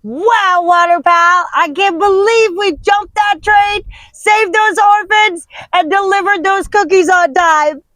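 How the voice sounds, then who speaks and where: A man putting on a high falsetto as a bored, excitable young woman in a homemade ad skit, gushing and breathless. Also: unhurried, hardly any pauses, dry recording, heavily acted, low-quality recording. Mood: amazed.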